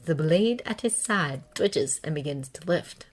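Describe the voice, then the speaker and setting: A woman narrating a fanfiction story in an expressive, dramatic reading. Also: low voice, a little slow. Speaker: fanfiction reader. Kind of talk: audiobook narration.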